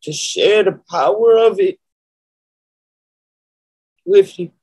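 A woman preacher shares an emotional spiritual testimony, moaning and sighing between phrases and pausing to collect herself. Her mid-range voice has a dark tone and a breathy edge. The audio quality is poor.

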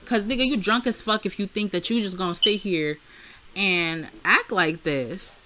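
A young woman giving casual, profane commentary over her life-sim game, chatty and frank, and loud and heated when she rants. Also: medium pitch, moderate pace, noisy background. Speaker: Sims let's play creator. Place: home room.

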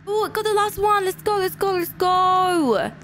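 A woman's voice: very high voice, moderate pace, fairly bright tone, a little hiss or hum. A woman hosting a gameplay channel, commenting as she plays and gasping often, easily frightened. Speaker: gaming channel host. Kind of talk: let's play gameplay commentary.

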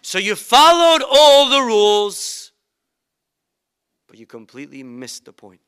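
A man's voice: on the high side, measured pace, pushed and bright, smooth. A man doing a stern instructing mother. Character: stern middle-aged mother, firm.

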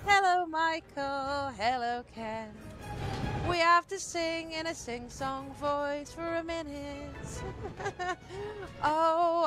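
A Geordie woman streaming a game, chatting casually with her viewers, swearing freely and laughing often. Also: sits high. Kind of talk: casual live-stream chat. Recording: game music behind voice.

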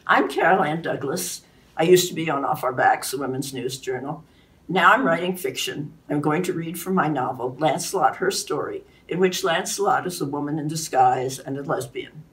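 A woman author introducing and reading aloud from her own novel in a clear, animated way. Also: low voice, normal speed, recorded from a distance.

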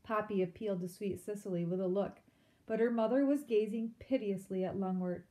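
A woman reads a children's novel aloud in an expressive storytelling manner, turning aside now and then to speak to her listeners. Her voice is warm and mellow, at a middle pitch. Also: fairly quick. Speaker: reader.

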